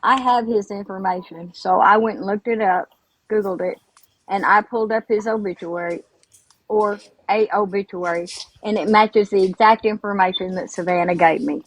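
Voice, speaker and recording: A woman's voice: mid-range voice, steady tone, moderate pace, no echo, low-quality recording. An older woman, calling into a live stream, emotional and rambling, close to tears.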